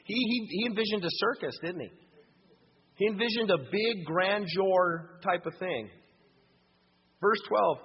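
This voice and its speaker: A man preaching a sermon and reading scripture, dramatic, swinging between loud emphasis and hushed lines. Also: high voice, measured pace, pauses often, slightly rough. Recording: dull sound with long hall reverb and faint hum.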